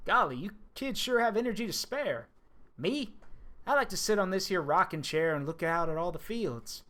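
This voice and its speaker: A streamer voicing an easygoing middle-aged male farmer in a low country drawl, reading a story aloud on stream. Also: lively intonation, normal speed, pushed and bright. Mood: friendly. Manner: laid-back, homespun.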